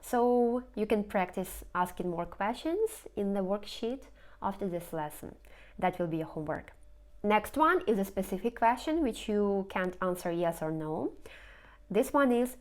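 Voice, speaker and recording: A woman teaching vocabulary, saying each word twice slowly and clearly and explaining in English. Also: mid-range voice, a little mellow. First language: Russian. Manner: repeats each word slowly and clearly, rising question intonation. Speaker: language teacher. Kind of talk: slow lesson narration over slides.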